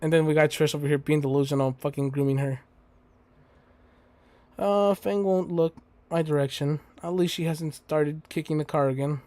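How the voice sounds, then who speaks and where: A man's voice: a little high, moderate pace, a little mellow, dry recording. A young man playing a game on stream, reading its text aloud and breaking off into crude, joking asides. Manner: crude, joking asides between read lines. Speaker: let's play host. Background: faint game music.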